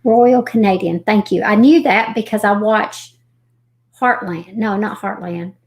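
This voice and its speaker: A woman hosting a live stream, reading missing persons reports aloud haltingly, with folksy chatty asides. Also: medium pitch. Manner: reads haltingly, stumbling over names and restarting.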